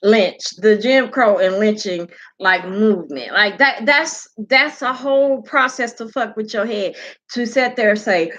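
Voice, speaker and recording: A woman's voice: mid-range voice, measured pace, fairly bright tone, highs cut off. A woman hosting a casual livestream, ranting bluntly and with profanity while greeting viewers. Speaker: livestream host.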